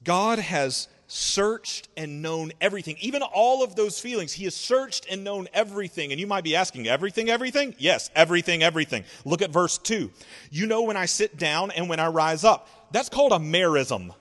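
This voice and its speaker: A man preaching a sermon in an expressive, conversational way, asking rhetorical questions and drawing out words. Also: high-pitched, moderate pace, big-room sound. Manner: conversational, sarcastic asides. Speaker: pastor.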